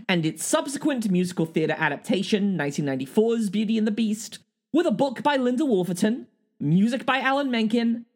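A woman hosting a podcast in casual chat, chatty and laughing often, often restarting her sentences. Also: medium pitch. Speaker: podcast host.

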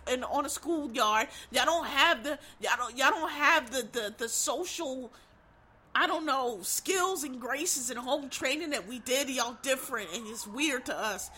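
A woman's voice: high-pitched, measured pace, pushed and bright, breathy edge. A middle-aged woman giving a blunt, profane, emphatic rant about a TV show. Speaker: TV show commentator. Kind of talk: casual commentary rant.

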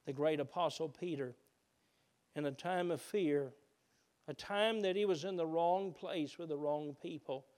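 A man preaching a sermon, shifting between loud emphatic peaks and hushed low passages. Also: a little slow. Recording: reverberant hall.

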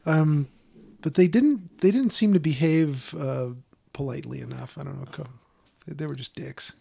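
A man's voice: fairly high pitch, normal speed, vocal fry, warm tone, slightly rough. A man co-hosting a casual movie podcast, reading his notes with blunt sarcasm. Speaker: podcast co-host.

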